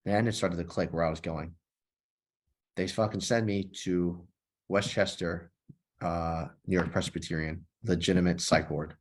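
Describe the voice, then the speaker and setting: A man in his thirties, a former police officer, telling his story in a podcast interview in a lively, profane way, acting out the dialogue. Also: low voice, moderate pace. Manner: animated, profane, acts out dialogue. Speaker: guest, nonprofit founder and former police officer.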